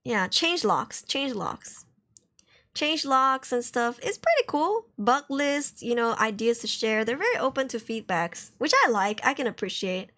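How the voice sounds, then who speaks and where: A woman's voice: on the high side, lively intonation, unhurried, bright, forceful tone. A woman streaming live, chatting casually and rambling to her viewers. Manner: chatty, rambling, reacts to chat with mock outrage.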